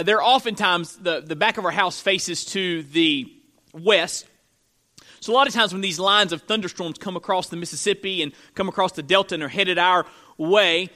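A man's voice: sits high, bright, forceful tone. A man from Florida preaching a sermon as pastor, conversational, with joking asides to the congregation.

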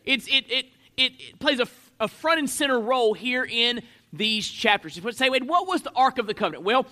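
A man preaching in a very high, sharp voice. He reads the passage and teaches from it, swelling on single words, then dropping back to let them land. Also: lively intonation, a little fast. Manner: emphatic, stretches key words with sudden swells in loudness. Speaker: pastor. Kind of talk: expository sermon.

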